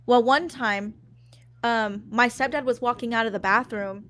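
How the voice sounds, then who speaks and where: A woman's voice: fairly high pitch, steady tone, normal speed, fairly bright tone, a little hiss or hum. Casual woman telling a true ghost story. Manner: casual, hesitant, lots of "like". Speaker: guest. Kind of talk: personal storytelling on a live show.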